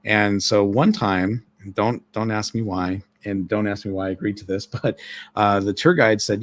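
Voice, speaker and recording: A man's voice: fairly low pitch, steady tone, moderate pace. A man casually telling a ghost story on a live stream, full of fillers and acting out the people he quotes. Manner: chatty, many fillers, acts out quoted voices. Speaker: guest storyteller, former ship employee.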